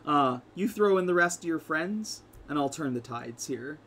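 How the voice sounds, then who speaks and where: A man's voice: fairly high pitch, expressive, moderate pace, a bit bright. A man voicing a smug, devilish male dealmaker from below who calls people kid in a folksy way. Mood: sly.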